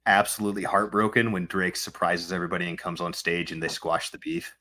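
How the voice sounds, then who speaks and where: A man with a very low voice that still has a bright, forceful edge, chatting on a podcast. He trades dry, teasing jokes with his co-host. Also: steady tone, quick pace. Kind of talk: casual podcast banter.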